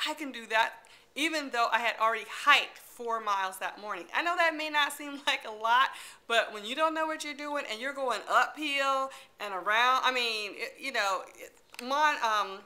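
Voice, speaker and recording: Bright, animated chatty woman. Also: a little high. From Detroit, USA. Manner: animated, laughs often, acts out her own lines. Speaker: children's library storyteller. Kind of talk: casual chatty storytelling.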